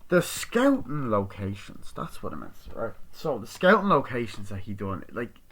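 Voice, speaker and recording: A man's voice: on the low side, wildly swooping pitch, a little fast, bright, forceful tone, breathy edge. A man giving a casual, rambling movie review, swearing often as he retells scenes. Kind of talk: casual spoken film review.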